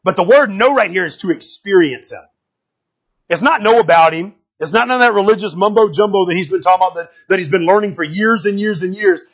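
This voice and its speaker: Male pastor with a high, husky voice, conversational preaching that swings from quiet asides to shouts. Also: fast, dull audio. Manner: animated, conversational preaching with frequent "right?" asides; swings from low murmurs to shouted outbursts. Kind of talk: sermon.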